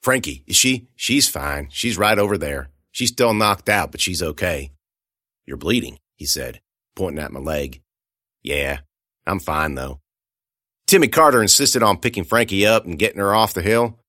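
Lively, bright man telling a scary story. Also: deep voice, normal speed, no room sound, studio quality. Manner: expressive, shouting out the dialogue, hushed for quiet moments. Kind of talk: dramatic first-person fiction narration.

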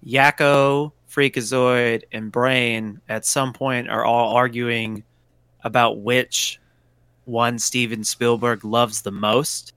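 Bright-voiced enthusiastic man. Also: mid-range voice, flat delivery, slow pace, clear, resonant tone, no room sound. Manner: enthusiastic, retells jokes. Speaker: podcast guest. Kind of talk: casual chat.

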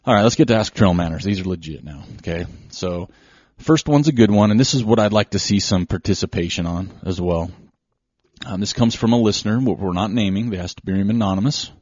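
A middle-aged man with a low, husky voice hosts a podcast and tells a story in a casual, rambling way, piling on one "so" after another. The recording sounds dry and a little dull. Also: a little fast, no room sound. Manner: rambling, excitable, strings events together with "so". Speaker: podcast host.

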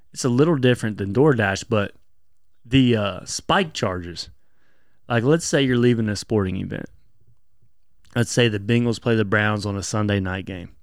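A man's voice: fairly low pitch, no room sound, studio quality. Blunt, swearing man on a podcast. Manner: blunt, swears freely, rants in bursts. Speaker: podcast co-host. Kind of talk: casual chat.

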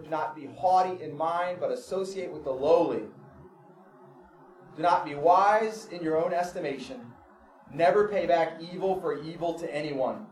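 A man's voice: a little high, moderate pace, a little mellow. A man preaching a sermon, reading scripture with rising fervor and then telling everyday stories in a conversational way. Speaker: pastor. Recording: echoey room, far from mic, crowd.

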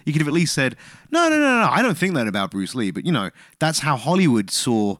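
A man's voice: medium pitch, very animated, quick pace, fairly bright tone, no room sound, studio quality. A man co-hosting a film podcast, swearing often and restarting his sentences as he rants. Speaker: podcast co-host. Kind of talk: casual film review chat.

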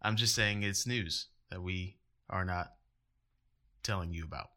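A man's voice: low voice, a little slow, bright, forceful tone. A man hosting a podcast in a casual, jokey, rambling way, poking fun at himself. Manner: jokey, rambling, self-mocking. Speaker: podcast host.

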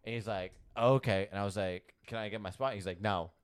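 A man's voice: fairly low pitch, brisk, clear, resonant tone. A young man on a casual podcast, telling a story with lots of laughs, swearing and quoted dialogue. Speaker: podcast co-host.

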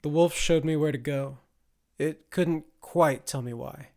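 A grim young man on the run in a fantasy audiobook, read by a male narrator in his own voice. His lines come low, terse and subdued, guarded even when he's talking to a friend. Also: a little slow, creaky, no echo, studio quality. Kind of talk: audiobook character voice.

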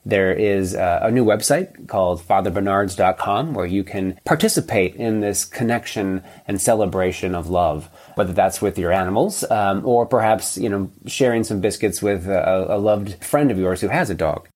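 A man's voice: sits low, moderate pace, hardly any pauses, darkish tone. A man, a priest, speaking as a podcast guest in an earnest, unscripted way. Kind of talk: casual interview talk.

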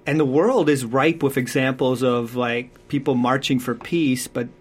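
A man's voice: medium pitch, steady tone, moderate pace. A man talking through parenting advice in a reflective, conversational way, often checking in with "right?".

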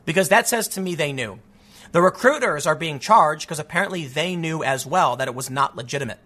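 A man hosts his own commentary show in a somewhat raised, bright and forceful voice. He talks conversationally, circling back with restarts and asides as he weighs both sides of an issue. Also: fairly high pitch, lively intonation, a little fast. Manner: conversational, thinks aloud with frequent restarts and asides. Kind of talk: casual opinionated commentary.

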